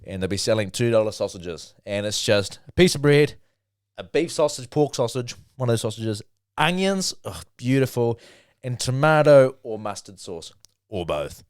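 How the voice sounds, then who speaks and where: A man's voice: medium pitch, expressive, moderate pace, smooth, no room sound, clean studio sound. A young man hosting a podcast in casual, jokey chat. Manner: jokey, laughing, rambling. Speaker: podcast host.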